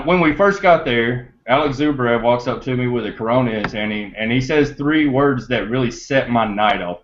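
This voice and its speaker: A man of middle pitch tells a story to his listeners in a loose, rambling way, often laughing and trailing off into fillers. His voice sounds a little muffled and lo-fi, as if the recording was a bit dull. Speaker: podcast host.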